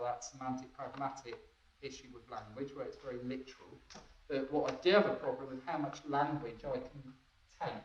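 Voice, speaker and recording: A man's voice: mid-range voice, darkish tone. A man giving a training talk, often laughing and checking that his listeners follow. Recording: echoey room, distant dull mic.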